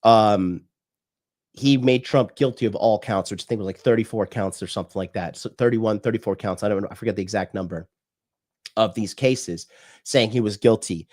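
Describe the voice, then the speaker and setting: A man's voice: fairly low pitch, normal speed, darkish tone. A man from the United States, a dating coach hosting a livestream, talking in a blunt, profane, preachy rant.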